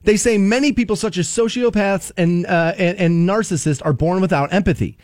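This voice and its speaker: A man hosting a radio show, chatting casually in the studio in an animated, self-mocking way and saying "dude" a lot. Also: sits high, fairly quick, no echo. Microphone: studio microphone.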